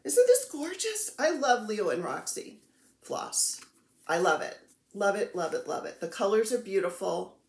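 A woman's voice: medium pitch, animated, normal speed, vocal fry, reverberant. A woman vlogging casually about her cross-stitch projects, chatty and self-deprecating, gushing over the supplies she shows. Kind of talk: casual chatty show-and-tell.

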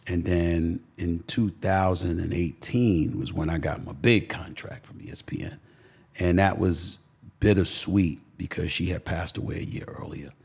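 A man's voice: deep voice, gravelly, a little mellow, slightly rough. A middle-aged man from Queens with a New York accent, a guest telling stories emphatically with many restarts. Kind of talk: podcast interview, storytelling.

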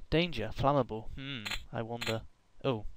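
A man's voice: mid-range voice, unhurried, over music, low-quality recording. A young man giving rambling, joking commentary while playing a game, with random outbursts and hummed tunes. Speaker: gaming YouTuber. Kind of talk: casual gameplay commentary.

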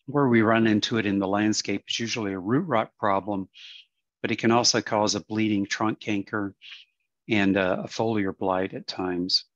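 A man presenting on plant diseases in a webinar, explaining in a halting way with many fillers and some throat clearing. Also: fairly low pitch, steady tone, dry recording, muffled recording.

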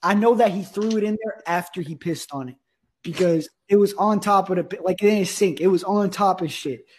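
A young man from Russia telling a profane, comic story about school in a deadpan way, acting out the people in it. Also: high voice, a little fast, slight background noise. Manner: profane, deadpan, animated quoting. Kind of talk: comedic storytelling.

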